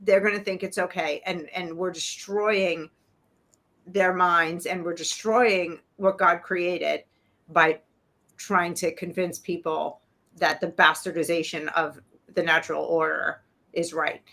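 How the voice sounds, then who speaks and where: A woman's voice: fairly low pitch, steady tone, a little slow, sharp tone. A woman guest on a political panel, speaking with angry indignation. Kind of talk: heated political commentary.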